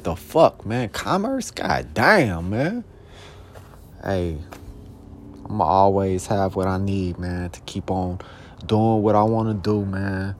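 A man's voice: low-pitched, animated, slow pace, a little hiss or hum. A young man hosting a podcast, talking alone in a rambling, profane, streetwise way, now and then flaring into heated questions. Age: young adult. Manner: heated bursts into shouted questions. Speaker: podcast host. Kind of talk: casual monologue.

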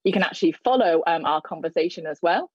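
A woman sign language interpreter gives a live spoken voice to a deaf host's signing, pausing often with fillers and restarting sentences. Her voice sits fairly low. It comes through a dull, muffled video call line with no room sound. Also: animated, a little mellow, slightly rough, no room sound. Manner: hesitant, many fillers and restarts. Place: indoors in front of a plain grey backdrop.

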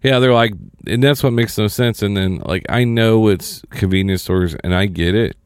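Low smooth voice guy joking around, dry sound. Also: moderate pace, dry recording. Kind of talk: casual chat.

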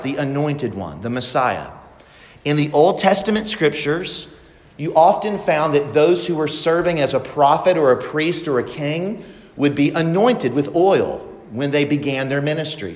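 A man's voice: on the high side, reverberant, in a large hall. A man preaching a sermon as pastor, asking the congregation rhetorical questions.

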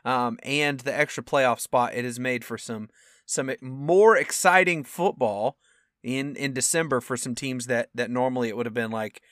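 A young man co-hosting a football podcast in casual chat, animated and acting out quotes with sudden loud outbursts. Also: medium pitch, moderate pace, no room sound, studio quality. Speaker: podcast co-host.

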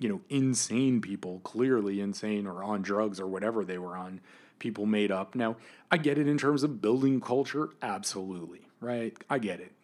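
A man hosting his own podcast, ranting with anger and frequent swearing, swinging between loud outbursts and quiet asides. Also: lowish voice. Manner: angry, emphatic, swears often, swings between loud and soft. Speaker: podcast host. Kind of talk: impassioned solo podcast rant.

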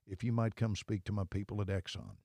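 An unhurried older Texan good old boy, as a man puts him on with a Texan accent. He lets long pauses hang between his words, and his voice sits low and quiet. The sound is dry and close. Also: steady tone, vocal fry, no room sound. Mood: earnest.

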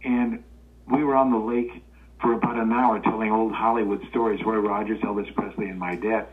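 An older man with a fairly low voice tells long stories in a relaxed way and puts on the voices of the people he quotes. He comes through a narrow, tinny phone line. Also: normal speed. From Los Angeles, California. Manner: relaxed anecdotal storytelling, acting out quoted voices. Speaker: guest. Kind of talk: storytelling interview.

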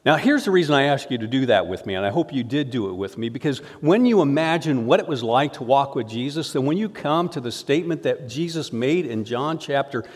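A man's voice: mid-range voice, expressive, fairly quick, hardly any pauses. A man preaching an earnest sermon as pastor, his voice building to emphatic rises on key phrases. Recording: long hall reverb.

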